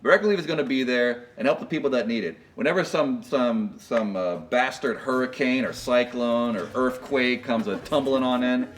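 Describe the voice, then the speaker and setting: A man's voice: mid-range voice, moderate pace, few pauses, far from the mic, soft background music. A young man co-hosting a charity livestream, chatting casually in a rambling, jokey way full of fillers. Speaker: charity stream co-host.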